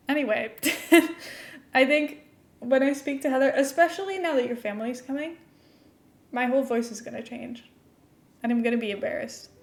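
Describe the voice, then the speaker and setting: Streaming a game live, a young woman chats casually in a fairly high voice with an international-school American accent. She's chatty and giggly, answering her viewers in between building tasks.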